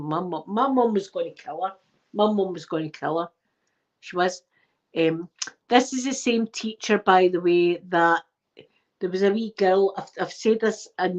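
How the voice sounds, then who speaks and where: A Scottish woman casually telling childhood stories to a live chat in an animated, emphatic way. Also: fairly low pitch, lo-fi sound. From Scotland. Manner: animated, emphatic, repeats herself. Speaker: channel host.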